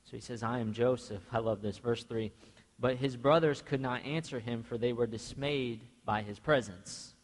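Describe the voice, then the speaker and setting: A man's voice: mid-range voice, moderate pace. A young man preaching a sermon to his church in a chatty, questioning way, acting out quoted voices as he tells stories. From grew up in a half-Mexican household. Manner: conversational, asks the congregation questions; animated storytelling, acts out quoted voices. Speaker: pastor. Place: church sanctuary. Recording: long church reverb.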